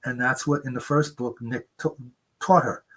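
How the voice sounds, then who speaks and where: A husky man in his seventies, an author guest, tells earnest stories in a conversational interview, acting out quotes in a high voice. His tone is steady and fairly bright at a moderate pace, heard through a remote interview mic with poor audio.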